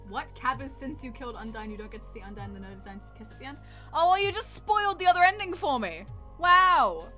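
A woman streaming a game, giving casual, excitable, rambling commentary and swearing freely. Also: high-pitched.

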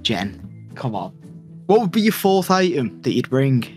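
A man's voice: mid-range voice, sing-song, measured pace, darkish tone, faint music behind. A man co-hosting a quiz show, grilling contestants with mocking sarcasm. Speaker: co-host. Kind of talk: casual game-show banter.

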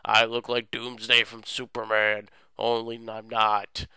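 Man's send-up of a bragging, dim-witted game villain boss. Bright, dry, slow and mocking. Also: fairly low pitch, completely flat delivery, gravelly, clear, resonant tone, no room sound, heavily acted. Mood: smug.

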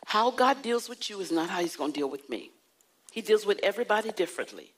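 A woman pastor preaching a sermon, animated and playful with the congregation. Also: medium pitch, fast, breathy edge. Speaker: pastor and prophetess.

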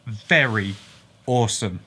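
A man voicing a slow, low-voiced know-it-all who keeps interrupting, with a smug drawl. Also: sharp tone, breathy edge, heavily acted.

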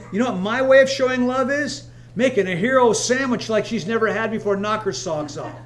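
A man pastor preaching a sermon in a church, emphatic and repetitive, weaving in personal stories. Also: high voice. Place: church sanctuary, streamed live.

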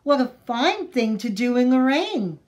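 A woman's voice: high voice, big pitch swings, unhurried, darkish tone, pitched above the performer's own voice. A woman voicing an encouraging mother duck in a storybook reading. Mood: cheerful. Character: cheerful, worried mother duck.

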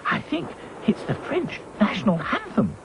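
A man's voice: high-pitched, wildly swooping pitch, normal speed, gravelly, muffled recording, noisy background, voice pushed up, heavily acted. A man voicing a prim, refined little princess rag doll with a dainty manner. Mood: genteel.

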